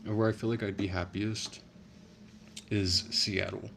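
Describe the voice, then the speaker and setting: A man with a deep, gravelly voice chats with his viewers in a loose, rambling way. He swears freely and restarts his sentences often. A faint noise sits under the voice. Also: level tone, measured pace, a bit bright. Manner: rambling, profane, frequent restarts. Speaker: livestreamer chatting with viewers. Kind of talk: casual livestream chat.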